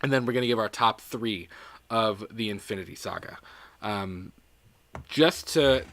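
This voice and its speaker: Bright sharp-sounding young guy co-hosting a live movie stream, laughs a lot, kinda sappy. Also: fairly low pitch, measured pace, no room sound. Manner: giggly, reads chat aloud, sentimental. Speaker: podcast co-host. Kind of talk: casual live-stream chat.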